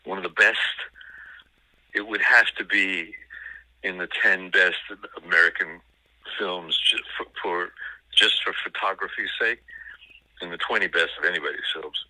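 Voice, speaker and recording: Low-pitched guy with a really sharp edge, talking films slow and thoughtful, stops to find his words. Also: no room sound, poor audio. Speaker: film critic guest. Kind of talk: casual film discussion.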